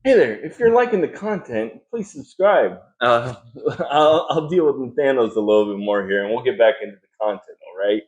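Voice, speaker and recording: A man's voice: medium pitch, animated, moderate pace, a little mellow, highs cut off. A man hosting a gaming channel and doing comedic in-character role-play, chatty and coaxing, often stammering and repeating his words.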